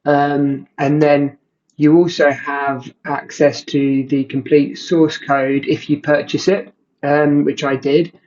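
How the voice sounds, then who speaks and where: A man walks through a software demo in a relaxed, halting way, stopping often on ums and restarting his sentences. His voice sits a little high for a man. The sound is a bit dull and muffled, as if from a basic desk mic. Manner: halting, many ums and restarts, self-described non-coder. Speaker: tutorial presenter. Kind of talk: casual screen-recorded walkthrough. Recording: muffled audio.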